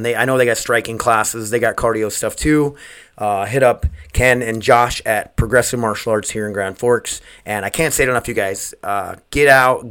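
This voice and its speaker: A male podcast host talking off the cuff at a middle pitch. He rambles, swears freely and keeps tossing in "man" and "dude". His tone stays earnest and upbeat. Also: a bit bright. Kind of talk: casual solo podcast talk.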